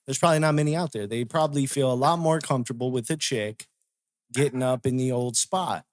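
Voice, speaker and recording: A man's voice: mid-range voice, a little fast, no room sound. A man co-hosting a podcast in casual crude banter, swearing freely, laughing a lot and restarting his sentences. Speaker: podcast co-host.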